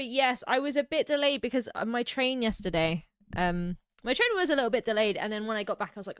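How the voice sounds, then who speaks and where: A woman's voice: fairly high pitch, expressive, fairly quick, few pauses, fairly bright tone, clear, resonant tone, no room sound, clean studio sound. A young woman from Britain chatting on a livestream and reading out viewers' messages, with a slightly scratchy throat. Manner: chatty, reads chat messages aloud. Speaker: streamer. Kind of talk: casual livestream chat.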